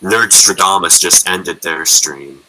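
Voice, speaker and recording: A man's voice: low-pitched, slow, bright, forceful tone, low-quality recording. A man chatting with friends on a voice call, telling stories with dry jokes. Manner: dry, joking, storytelling. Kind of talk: casual chat on voice call. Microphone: computer mic on voice call.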